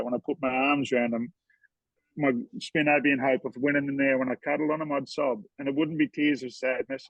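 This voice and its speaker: An earnest man telling heartfelt stories in a relaxed podcast chat, often restarting his words. His voice comes through a dull, lo-fi recording with a dry sound and no room echo. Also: mid-range voice. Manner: earnest, storytelling, repeats words when moved. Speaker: horseman guest.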